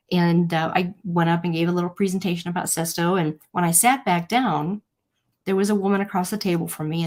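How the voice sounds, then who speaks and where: A woman hosting a live-streamed talk, speaking earnestly and telling stories with lively quoted voices. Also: fairly low pitch. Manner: earnest, storytelling, animated quotes. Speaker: host.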